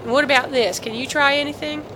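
A woman's voice: high-pitched, fairly even intonation, fast talker, background noise, pitched above the performer's own voice, lightly acted. A woman reading the part of an independent woman scientist in an audiobook, speaking in a clipped, firm, guarded way. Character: brisk woman scientist, reluctant, independent-minded.

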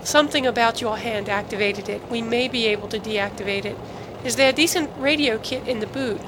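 A woman's voice: fairly high pitch, fairly quick, noisy background, close to an everyday voice. A woman reading the part of an independent woman scientist in an audiobook, speaking in a clipped, firm, guarded way. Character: brisk woman scientist, reluctant, independent-minded.

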